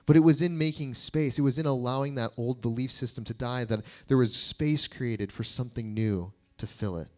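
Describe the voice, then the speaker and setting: A young man delivers a sermon as a pastor. He talks in a loose, conversational way, tossing in jokes and asides. His voice sits at an everyday middle pitch. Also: normal speed, hardly any pauses, darkish tone. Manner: casual and conversational, joking with the congregation.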